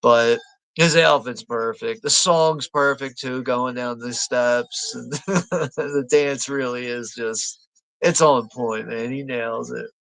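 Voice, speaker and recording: A man's voice: medium pitch, steady tone, slow, vocal fry, a bit bright, no echo. A man hosting a live movie watch party, talking casually, swearing freely and laughing a lot. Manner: profane, laughs often.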